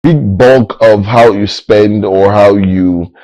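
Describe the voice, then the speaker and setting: A man's voice: fairly low pitch, slow, darkish tone, no echo, faint music behind, low-quality recording. A young man with a Nigerian accent, hosting a TV show with playful, joking banter and lots of fillers. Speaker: TV show host. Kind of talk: casual TV studio chat.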